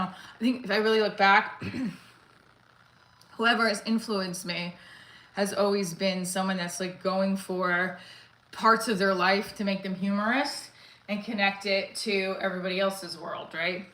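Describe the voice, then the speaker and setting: Her mid-range voice holds a steady tone at normal speed, a bit bright, as this woman comedian streams a workout while winded. She chats with viewers, answers what they comment, and counts reps aloud, all in a reverberant, low-quality recording.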